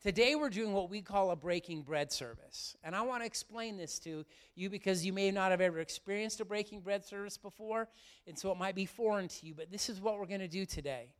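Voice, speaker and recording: A man's voice: sits high, brisk. A middle-aged man, a pastor, giving an earnest, heartfelt sermon and speaking directly to his congregation in church. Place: church sanctuary.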